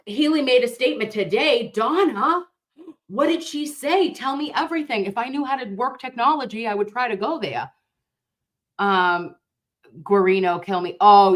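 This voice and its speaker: Outspoken woman livestream host, nurse by trade; blunt, profane, passionate, quick to outrage while she reads the chat. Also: mid-range voice. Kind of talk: casual livestream chat reading viewer comments.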